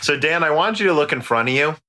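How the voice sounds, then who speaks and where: Bright-voiced tired American man, joking. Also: fairly high pitch, animated, fast. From United States. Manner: joking, swearing, giddy banter. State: tired from a late recording. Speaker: podcast host. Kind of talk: casual chat. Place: home studio in quarantine.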